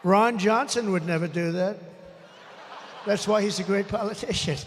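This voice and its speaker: A man's voice: sits high, normal speed, slight background noise. A man in his seventies gives a rambling, off-the-cuff rally speech into a stage microphone, boasting and grumbling with occasional swearing. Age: 70s. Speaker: political rally speaker. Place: large rally venue. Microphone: stage microphone over PA. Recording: reverberant rally venue with faint ambience.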